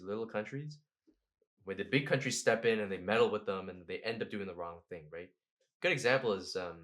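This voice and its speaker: A man, a podcast guest who tells history as animated, slangy stories and laughs often. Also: on the low side. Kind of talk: casual podcast conversation.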